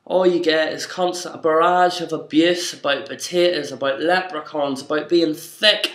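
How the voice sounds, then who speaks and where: A man's voice: a little high, steady tone, moderate pace, fairly bright tone. A young Irish man giving a mock-stern, bossy comic rant to camera. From Ireland. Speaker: comedy vlogger. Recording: echoey room.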